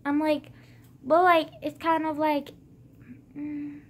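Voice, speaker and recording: A young woman in her late teens rambles casually to camera in a vlog, peppering her talk with "like" and loose swearing. Her voice is high-pitched, flat, and slow.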